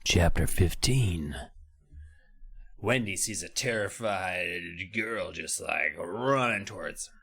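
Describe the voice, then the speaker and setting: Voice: deep voice, animated, slow, a bit bright, breathy edge. A podcast cohost recapping a book chapter in a crude, joking storyteller's way. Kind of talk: casual comedic book recap.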